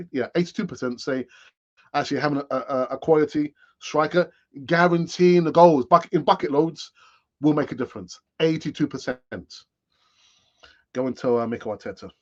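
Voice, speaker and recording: A man's voice: a little high, lo-fi sound. A man in his late fifties hosting a casual live-stream football chat, rambling with sighs and asides. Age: late 50s. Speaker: football fan channel host.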